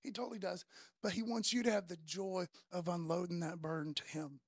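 A woman preaching a casual sermon, slangy and conversational, telling the story in an animated way. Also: lowish voice, a little fast, breathy edge, dry recording, studio quality.

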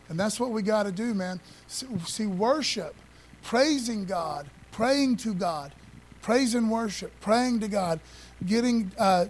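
A man with a fairly high voice preaches to his congregation in a loose, conversational way. He leans hard on key phrases and keeps throwing rhetorical questions at the listeners. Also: darkish tone, slight background noise. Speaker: pastor. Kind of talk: sermon.

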